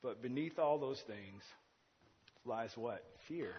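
A man's voice: mid-range voice, expressive, slow pace, slightly rough. A man preaching a sermon in a church, earnest and driving his point with repeated rhetorical questions. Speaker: pastor. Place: church sanctuary. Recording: dull, echoey church hall sound.

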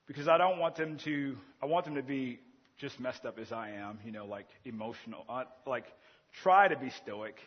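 A man in his thirties preaching a sermon, earnest, swinging between loud emphasis and quiet, intimate asides. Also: medium pitch, expressive, normal speed, breathy edge, big-room sound, highs cut off. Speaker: pastor.

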